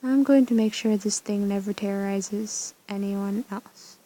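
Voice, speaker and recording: Woman reading a young heroine, sarcastic banter, slow, mellow tone. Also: medium pitch, fairly even intonation, natural voice, low-quality recording. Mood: wry.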